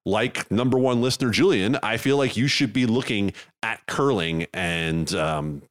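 A man's voice: on the low side, moderate pace. A man co-hosting a podcast in casual chat, rambling and joking with plenty of fillers. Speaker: podcast co-host.

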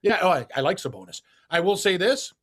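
High-voiced man co-hosting sports picks. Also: sing-song, brisk. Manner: chatty, with stammered starts. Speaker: co-host. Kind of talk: casual sports betting talk.

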